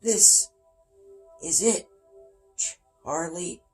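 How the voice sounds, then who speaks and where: Raspy, fading old chocolatier as a man reads him, gentle, slow. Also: a little high, soft background music. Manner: faint, soft-spoken farewells. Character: dying old male chocolatier, gentle and calm.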